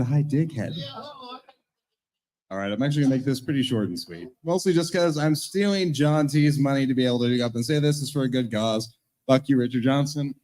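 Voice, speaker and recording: A man who works as a bartender delivering a short, deadpan roast with plenty of swearing at an open mic. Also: mid-range voice.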